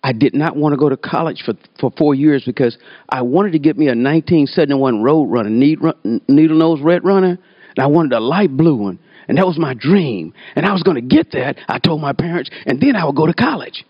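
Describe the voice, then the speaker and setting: A man's voice: on the high side, fairly quick, slightly rough, no room sound, highs cut off. Older man telling a life story. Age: 60s. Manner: animated, acts out voices in quotes. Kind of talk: personal storytelling talk.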